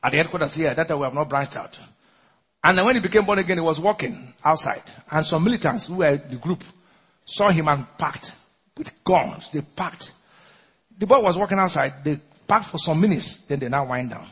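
A man's voice: on the high side, lively intonation, brisk, a bit bright, breathy edge. A man, preaching a sermon as pastor, asking the congregation questions and laughing often. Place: large church hall. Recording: muffled recording in a large echoing church hall.

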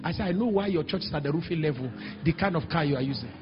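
A middle-aged man with a Nigerian accent preaching a sermon, telling stories and acting out other voices, sometimes shouting. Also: a little high, racing, background noise. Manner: animated, acts out quoted voices, sudden shouts. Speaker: pastor. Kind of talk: sermon with storytelling. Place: large church hall. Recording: echoey hall, dull sound, faint music.

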